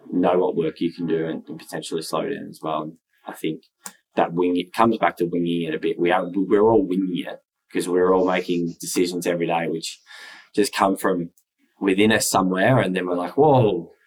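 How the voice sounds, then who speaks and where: A deep-voiced man talks about being a father on a casual podcast. He speaks earnestly and reflectively, weighing his words. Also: rough recording.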